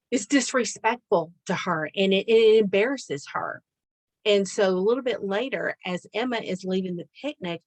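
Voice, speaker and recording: A middle-aged woman hosts her own podcast, telling a personal story in a lively, chatty way. She laughs often and her voice jumps up when she acts out what others said. The sound is close and dry, with no room behind it. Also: mid-range voice, dry recording. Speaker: podcast host. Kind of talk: casual storytelling monologue.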